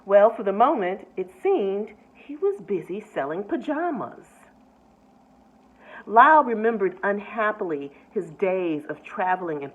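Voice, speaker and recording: A woman, a nurse, reading a picture book aloud with expressive delivery and asides to her listeners. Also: medium pitch. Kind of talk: storybook read-aloud. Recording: tinny phone-like sound.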